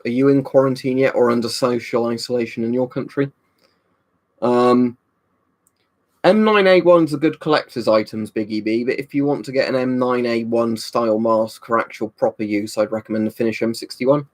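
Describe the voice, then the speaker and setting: A man's voice: mid-range voice, normal speed. A young man hosting a casual live stream from home, reading viewer comments in a rambling, chatty way, slightly tipsy from a drink. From United Kingdom. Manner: rambling and chatty, with frequent "um" and "you know". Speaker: livestream host. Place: room at home.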